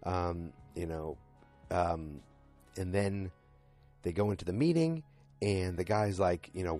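A man's voice: low voice, slow, pauses often, a little mellow, soft background music. A man hosting a casual podcast recap of a TV episode, retelling scenes in a rambling way full of fillers and "he's like" quotes.

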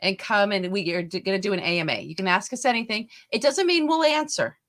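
A woman's voice: mid-range voice, fast, fairly bright tone. A woman co-hosting a podcast in casual political chat, chatty, often trailing off and restarting her sentences. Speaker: podcast co-host.

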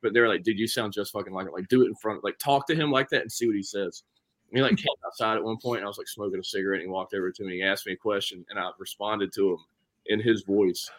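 A man's voice: fairly low pitch, fairly even intonation, fast. A man, a guest band member, chatting casually on a podcast, laughing often and swearing.

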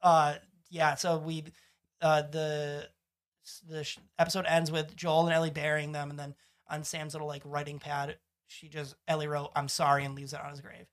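In a fairly high voice with a completely flat delivery at normal speed, this podcast co-host recaps a TV episode. He rambles and swears casually, acting out quotes from the show with shifting voices.

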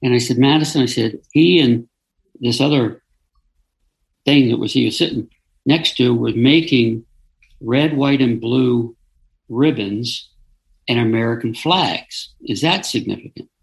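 A middle-aged man appears as an interview guest, earnestly telling a personal story in a halting way with frequent restarts. His mid-range voice is gravelly, and the recording is rough.

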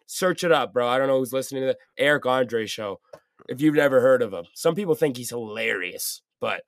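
A man's voice: mid-range voice, lively intonation, brisk, no echo, studio quality. A young man co-hosting a podcast, telling a story in casual, slangy chat full of swearing. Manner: casual slangy, swears, says "bro" often. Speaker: podcast co-host.

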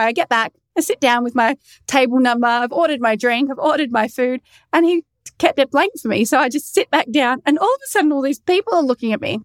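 A young Australian woman hosting a podcast and coaching, telling a story in a lively, expressive way and swearing freely. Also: on the high side, no echo, clean studio sound. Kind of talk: casual storytelling monologue.

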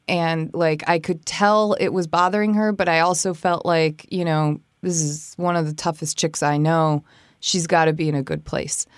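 A woman's voice: moderate pace, clean tone, no room sound, studio quality. A woman co-hosting a podcast, casually telling a personal story and acting out what people said. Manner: animated, acts out quoted speech in a higher voice. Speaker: podcast co-host giving etiquette advice.

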